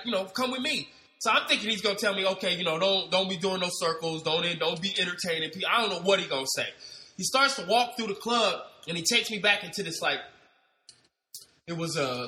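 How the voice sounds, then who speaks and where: A man's voice: very high-pitched, pushed and bright, reverberant. A man from Ohio, a party host and MC, telling a story and acting out the dialogue in slangy, swearing speech. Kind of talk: storytelling monologue.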